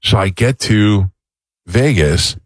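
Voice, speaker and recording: A man telling relaxed stories in a casual radio chat, laughing often. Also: on the low side, slow. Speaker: podcast co-host.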